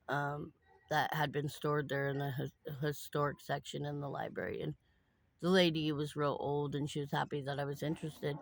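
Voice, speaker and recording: Tearful rambling woman with a gravelly voice. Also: deep voice, slight background noise. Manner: rambling, emotional, halting with many fillers. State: tearful after crying. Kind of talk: personal vlog rant.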